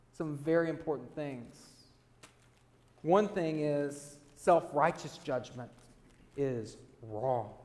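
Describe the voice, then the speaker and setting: A male pastor preaching a sermon, earnest, swinging between loud emphasis and quiet low asides. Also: in a large hall.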